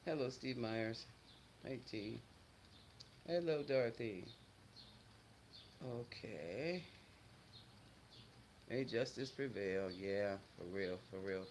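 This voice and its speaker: A man's voice: on the low side, a little hiss or hum, rough recording. A middle-aged man hosting a casual livestream, greeting viewers by name and answering chat comments in a blunt, chatty way. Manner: blunt and scolding toward trolls. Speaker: livestream host.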